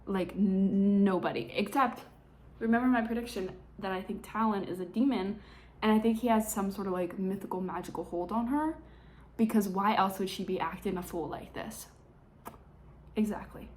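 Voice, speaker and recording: A woman's voice: mid-range voice, darkish tone. Chatty, sarcastic young woman reviewing books. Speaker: book reviewer. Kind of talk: casual vlog book summary.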